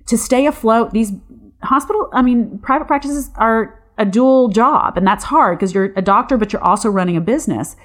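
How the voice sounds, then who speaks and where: A woman's voice: a little high, moderate pace. A middle-aged woman, a nurse, talking passionately and with some frustration in a casual chat, often restarting her sentences.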